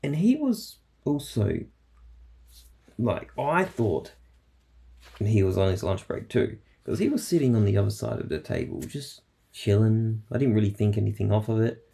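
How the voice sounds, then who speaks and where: A man's voice: on the low side, expressive, moderate pace, creaky, dark tone, slightly rough. A man casually telling rambling stories about his workday in a vlog, swearing now and then. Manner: rambling, swears, acts out coworkers' quotes. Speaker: vlogger recounting his workday.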